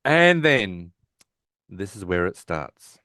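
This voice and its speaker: A man's voice: low-pitched, very animated, slow, sharp tone, dry recording, studio quality. A man co-hosting a podcast, casually retelling scenes and acting out lines, with fillers. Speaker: podcast co-host. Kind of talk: casual recap chat.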